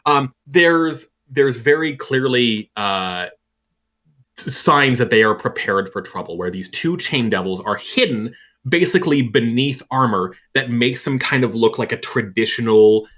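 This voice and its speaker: A man running a tabletop game, describing the scene at length with lots of fillers. His voice is bright and ringing, at an ordinary pitch. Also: animated, unhurried. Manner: rambling, filler-heavy description. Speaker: game master.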